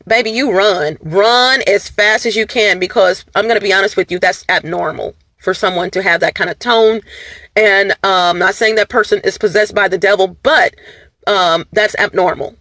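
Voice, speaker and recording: At a normal speed, a woman with a medium-pitched, somewhat bright voice vlogs casually and animatedly, her voice swinging up and down. Fillers and restarts abound, she addresses viewers as "you guys," and the recording is dry.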